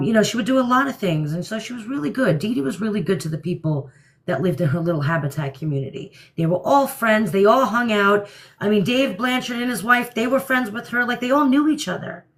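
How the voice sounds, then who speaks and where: A woman's voice: medium pitch, expressive, a little fast, fairly bright tone. A woman from New Jersey with a New York-area accent, hosting a casual livestream and answering viewer comments in a blunt, opinionated way. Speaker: livestream host.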